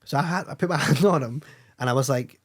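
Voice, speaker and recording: A young Scottish man rattles off anecdotes at a fast clip, swearing freely and breaking into laughs. His voice sits in a middle register. He sounds like a guest on a casual podcast chat. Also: medium pitch. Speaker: guest filmmaker.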